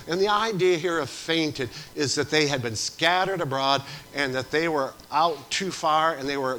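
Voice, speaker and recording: A man preaching a sermon as pastor, swinging from loud to hushed. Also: mid-range voice, poor audio.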